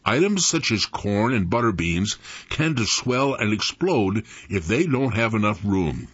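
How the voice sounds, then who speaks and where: A man in his eighties reading his own memoir aloud in an expressive storytelling manner. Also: lowish voice, unhurried, slightly rough. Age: 80s. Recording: dull lo-fi recording.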